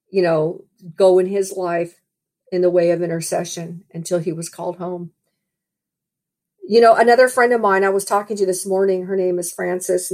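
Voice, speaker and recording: A woman speaks earnestly as a Christian speaker sharing a testimony. Her voice sits at an ordinary middle pitch. She tells the story with steady emphasis.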